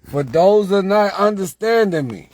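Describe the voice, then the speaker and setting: A man talking casually to viewers about lottery picks, repeating himself and growing exasperated, getting louder when he quotes their questions. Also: high voice, lively intonation, normal speed, dry recording. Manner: repetitive, exasperated, rises when quoting viewers. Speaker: lottery tips creator.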